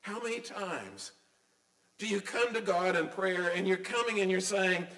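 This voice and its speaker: A man's voice: sits high, lively intonation, a little slow, bright, forceful tone, reverberant, low-quality recording. A middle-aged man preaching a sermon as a pastor, earnest and emphatic, with many rhetorical questions.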